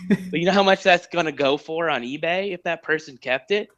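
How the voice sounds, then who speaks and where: A man's voice: on the high side, brisk, a bit bright, dull audio. A man talking as a sportswriter guest on a podcast, joking and self-deprecating as he rambles through casual chat.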